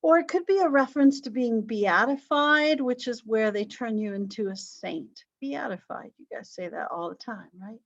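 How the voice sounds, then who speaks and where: A woman's voice: on the high side, moderate pace, vocal fry, few pauses, a little mellow. Chatty woman lecturing over a dull mic. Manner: chatty and self-deprecating, with frequent ums. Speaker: college history instructor. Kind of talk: recorded online lecture.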